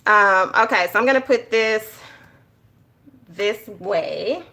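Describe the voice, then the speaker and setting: A woman telling stories in a casual, animated way while she decorates her journal. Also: mid-range voice, takes it slowly, creaky. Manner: animated storytelling, addresses viewers as y'all. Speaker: journaling YouTuber.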